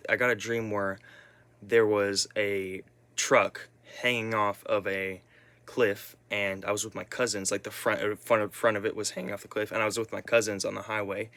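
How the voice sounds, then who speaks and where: A man's voice: on the low side, flat delivery, normal speed, pushed and bright. A young man rambling intensely in a casual vlog, swearing often and restarting his sentences. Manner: intense, profane, restless, many restarts. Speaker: vlogger.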